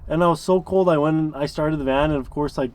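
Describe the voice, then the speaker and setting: A man's voice: a little high, quick pace, darkish tone. A man in his early twenties telling stories in a casual, rambling way, full of fillers and small chuckles. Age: 20s. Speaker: interviewee, van dweller. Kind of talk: casual storytelling.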